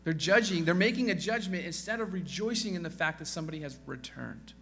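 A man's voice: high voice, animated, fast talker, gravelly, pushed and bright, husky. A man preaching a sermon as pastor in a conversational way, with joking asides and acted-out quoted voices. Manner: self-deprecating joking asides.

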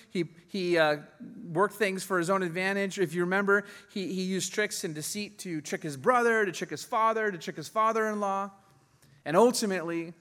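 Animated male preacher in a reverberant hall. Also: fairly high pitch. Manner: animated, laughs often, voices quoted figures. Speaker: pastor. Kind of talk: sermon.

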